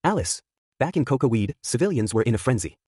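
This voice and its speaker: A man narrates a fan fiction story with dramatic, lively intonation. His voice is husky and the recording dry and close. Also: mid-range voice, fast talker, no room sound. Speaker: fanfic narrator.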